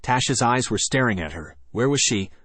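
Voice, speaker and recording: A man reading a story aloud as an audiobook narrator, in an even, unhurried way. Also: mid-range voice, no room sound.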